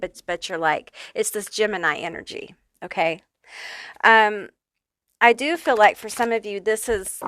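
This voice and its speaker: A woman's voice: mid-range voice, bright, forceful tone, no room sound. A woman giving a casual pick-a-card tarot reading, talking loosely with frequent swearing, fillers and check-in okays. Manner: chatty and profane, many fillers and check-in okays. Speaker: tarot reader.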